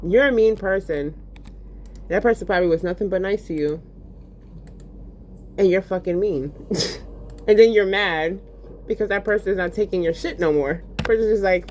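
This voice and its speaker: A woman talks in a loose, profane, animated way, with a fairly low voice. Faint keyboard typing sits under her speech. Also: moderate pace, long pauses, a little hiss or hum. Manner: profane, animated storytelling, lots of fillers. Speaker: vlogger. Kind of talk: casual rant while gaming.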